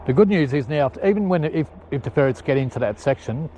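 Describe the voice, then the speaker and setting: A man's voice: fairly high pitch, expressive, quick pace, few pauses, lo-fi sound. A man chatting casually outdoors as he works ferrets and dogs on a hillside, calling out to the animals. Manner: chatty, talks to his dogs and ferrets, shouts calls. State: sweaty from climbing hills. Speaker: ferreter filming his hunt.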